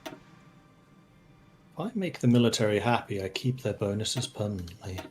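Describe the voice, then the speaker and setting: A man's voice: lowish voice, expressive, normal speed, a little mellow. A man playing a strategy game on a live stream, chatting casually with dry teasing remarks. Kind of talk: casual gaming chat.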